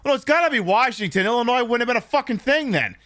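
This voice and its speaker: A man's voice: very high-pitched, lively intonation, fast talker, pushed and bright. Swearing, joking guy playing a quiz. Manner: profane, joking, rambling asides. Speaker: game streamer. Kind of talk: casual game commentary.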